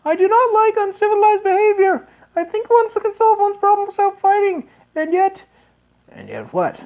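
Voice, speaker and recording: A man voicing a gentle, proper young princess in a high falsetto. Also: sing-song, normal speed, narrow, tinny audio, heavily acted. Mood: prim.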